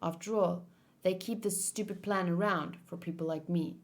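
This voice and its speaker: A woman's voice: fairly low pitch, steady tone, normal speed, lightly acted. Woman voicing a cocky young male trainee, blunt, self-serving, manga read-along. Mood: smug.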